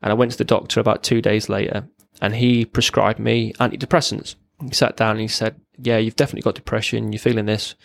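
Gravelly man telling his story. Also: fairly low pitch, level tone. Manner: halting, plain-spoken, frequent restarts. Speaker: podcast guest, former serviceman. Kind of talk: candid personal storytelling.

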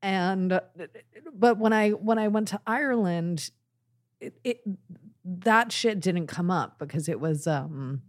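A woman hosting a podcast in casual conversation, talking haltingly with many restarts and the odd swear word. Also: fairly low pitch. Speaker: podcast host.

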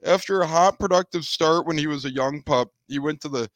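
A man co-hosting a casual sports podcast, upbeat and measured, building on his partner's points. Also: on the high side, a bit bright, no echo. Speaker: podcast co-host.

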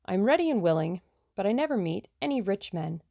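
A woman voicing a plucky, scheming young woman adventurer in a brisk, self-assured way. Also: mid-range voice, sing-song, gravelly, warm tone, dry recording, clean studio sound.

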